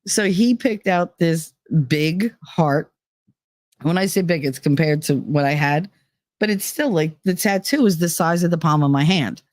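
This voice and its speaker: A woman hosting a podcast, telling a personal story in a casual, profane way and acting out the people she quotes with sudden jumps in pitch. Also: unhurried, a little mellow, no echo, studio quality. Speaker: podcast host.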